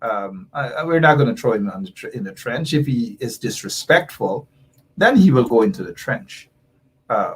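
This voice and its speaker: A man's voice: medium pitch, husky. A man hosting a political talk show, emphatic and repetitive, reading out viewer comments and answering them. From Guyana. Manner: emphatic, repeats points, reads viewer comments aloud. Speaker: show host.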